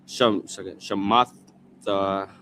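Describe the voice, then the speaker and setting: A man reading scripture aloud slowly, sounding out each word in pieces and repeating after a prompter. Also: on the low side, fairly even intonation, sharp tone, a little hiss or hum. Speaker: scripture reader.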